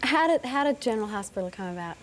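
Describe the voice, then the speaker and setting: A woman interviewing a guest, asking quick, probing questions with some stumbles. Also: on the high side, lively intonation, a crowd in the background.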